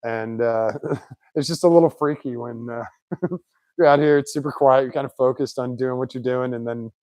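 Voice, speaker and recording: A man chatting casually in his home garage shop, telling lively anecdotes and mimicking the people in them. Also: mid-range voice, normal speed, dry recording, highs cut off. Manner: chatty, animated anecdotes with put-on quotes. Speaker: shop owner, car builder. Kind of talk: casual storytelling.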